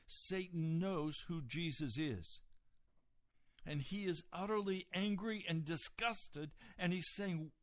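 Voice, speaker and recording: A man preaching a sermon, explaining scripture deliberately and pausing on key words. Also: on the high side, no room sound, clean studio sound.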